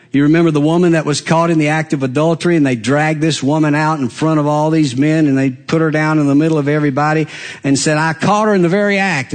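Dramatic preacher man, slightly high voice. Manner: dramatic preaching, swinging between hushed and loud. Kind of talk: sermon.

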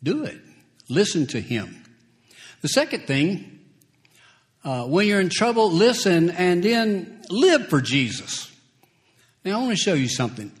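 Man, preacher, sermon, unhurried pace, somewhat high voice, chuckles between points. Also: very animated. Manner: slow and deliberate, acting out scripture quotes.

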